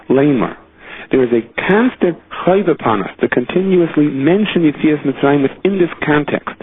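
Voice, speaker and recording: A man delivers an earnest sermon, pressing each point with emphasis and sprinkling in Hebrew and Yiddish terms. His voice sits a little high for a man. The sound is thin and narrow, like a phone line. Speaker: rabbi giving a Torah talk.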